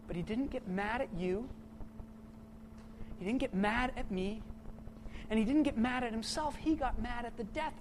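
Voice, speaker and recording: Impassioned preacher man, loud then hushed. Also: high voice, slight background noise, rough recording. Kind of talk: sermon.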